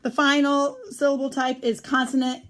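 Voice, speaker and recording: A woman teaching a phonics lesson on syllable types, speaking clearly and drawing out the example words slowly. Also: high voice, little pitch movement, fairly bright tone.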